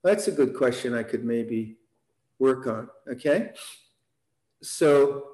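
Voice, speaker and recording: A man teaching meditation in a relaxed dharma talk, chuckling often and repeating words as he gathers his thoughts. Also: mid-range voice, slow, reverberant, poor audio. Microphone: online session.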